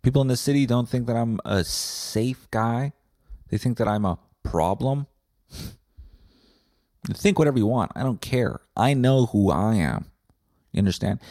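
Male podcast host, low dark voice, swearing rant. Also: no room sound, clean studio sound. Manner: profane, combative ranting. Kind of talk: comedic rant monologue.

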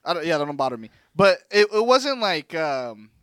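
A young man co-hosts a casual podcast chat in a laid-back, swearing manner. His voice sits fairly high. He is recorded close and dry, with no room sound. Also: sing-song, normal speed, a bit bright, smooth, no echo. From Mexican-American family. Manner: laid-back, swears a lot, says "bro". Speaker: podcast co-host.

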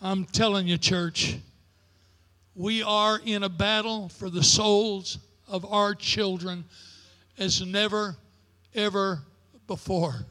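High, bright-voiced preacher in an echoing hall. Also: male voice, fairly even intonation, slow pace. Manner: preacher's cadence, building to shouted declarations. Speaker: pastor. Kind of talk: sermon. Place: church sanctuary.

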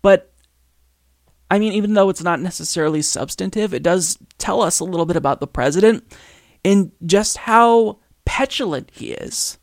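A man hosting a political commentary podcast, ranting with exasperation and firing off rhetorical questions. His voice sits high for a man. The sound is dry, with no room echo. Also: normal speed. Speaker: podcast host.

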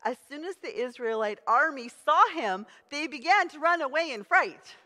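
A woman's voice: high-pitched, lively intonation, moderate pace, bright, forceful tone, long reverb tail. A woman preaching a sermon, emphatic and conversational as she tells the story. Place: church auditorium.

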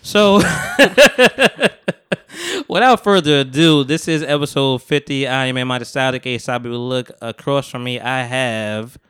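A man hosting a casual podcast chat, laughing often and swinging from quiet to loud. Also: mid-range voice, steady tone, moderate pace, few pauses, clear, resonant tone, no room sound, clean studio sound. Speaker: podcast host. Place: room with a couch.

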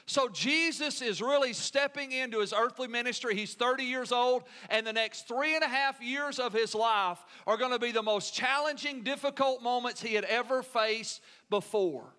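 High-voiced, bright preaching man. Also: moderate pace, few pauses. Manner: earnest, emphatic, asks the congregation questions. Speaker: pastor. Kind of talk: sermon.

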